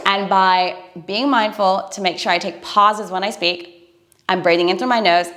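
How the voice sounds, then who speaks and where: An earnest woman coaching listeners through breathing habits. She speaks at a middle pitch with an encouraging, instructive tone, as if talking straight to camera.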